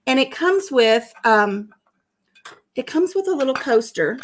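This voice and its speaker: A woman hosting a live stream in casual chat. She reads out viewer comments, answers them, and tells a story with soft asides. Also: sits high, lively intonation, unhurried, slight background noise.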